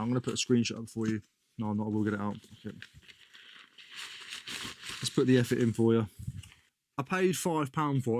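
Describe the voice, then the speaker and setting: A man's voice: medium pitch, darkish tone, no room sound, clean studio sound. A British man chatting casually about his resale finds, slangy and often correcting himself mid-sentence. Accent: British English. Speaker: reseller vlogger. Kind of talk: casual chat.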